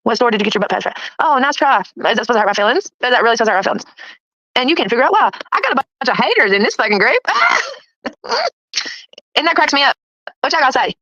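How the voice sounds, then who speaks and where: A woman's voice: a little high, sing-song, quick pace, bright, forceful tone, dry recording, dull audio. A woman hosting a casual livestream chat, taunting and mocking her critics and laughing often. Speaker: livestream host.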